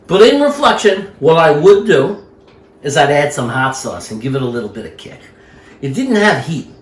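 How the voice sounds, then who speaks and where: A man's voice: fairly high pitch, fairly bright tone. Man, home cooking vlog, rambling chatty talk, roomy echo. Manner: chatty, rambling, self-amused. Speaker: home cook vlogger. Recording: echoey room.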